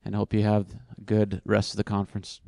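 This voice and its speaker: A man at a conference Q&A who answers questions conversationally and pokes fun at his own answers. His voice is smooth and resonant, and it sits at a middle pitch. The sound is dry and close, with little room echo. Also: completely flat delivery, a little fast, darkish tone. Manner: conversational and self-deprecating. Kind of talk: conference Q&A, thinking aloud.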